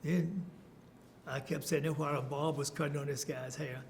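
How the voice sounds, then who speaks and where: A man's voice: fairly high pitch, fairly even intonation, fairly quick, a little hiss or hum. Older man telling stories. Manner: storytelling, chuckling, many fillers and restarts. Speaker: interviewee. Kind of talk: oral history interview.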